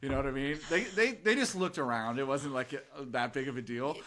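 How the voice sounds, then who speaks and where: A man hosting a podcast, chatting casually, rambling, swearing and quick to laugh. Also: medium pitch, bright, forceful tone. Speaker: podcast host. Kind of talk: casual chat.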